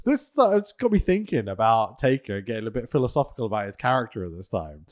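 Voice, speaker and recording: A man's voice: medium pitch, very animated, quick pace. A man co-hosting a casual wrestling podcast, jokey and sweary, often laughing. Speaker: podcast co-host.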